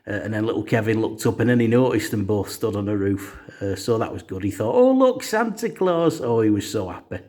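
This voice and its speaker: A man's voice: on the low side, level tone, fast talker, few pauses, mellow. A man telling a comic story in a casual, rambling way, full of "uh" fillers. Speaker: storyteller host.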